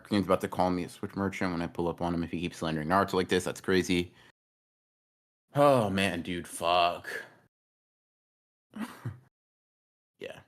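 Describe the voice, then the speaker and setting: A man's voice: deep voice, a bit bright. A man co-hosting a podcast in a casual livestream chat, rambling and cursing, often repeating his words. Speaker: podcast co-host.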